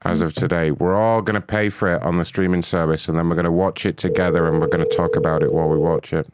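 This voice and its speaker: A man's voice: deep voice, fairly even intonation, fast talker, darkish tone. A man hosting a prank call show, talking in crude, mocking, rambling banter. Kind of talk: casual profane banter.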